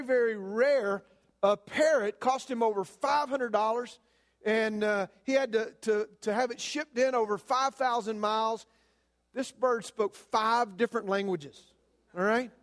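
Folksy Southern pastor, high voice. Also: male voice. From American South. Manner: folksy, filler-heavy, lots of "uh" and "man". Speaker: guest pastor. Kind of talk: sermon with humorous stories. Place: church sanctuary. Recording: long reverb of a church hall.

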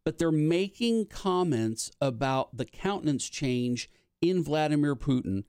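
A man hosting a radio talk show, speaking in a measured, halting way with fillers. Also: a little high, expressive, a little mellow, smooth, dry recording, studio quality. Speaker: radio host.

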